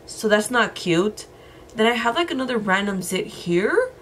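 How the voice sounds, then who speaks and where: A woman's voice: a little high, sing-song, moderate pace, a bit bright. Chatty woman with a scratchy voice. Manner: chatty, lots of "like" and "you guys". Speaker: beauty vlogger. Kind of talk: casual product review.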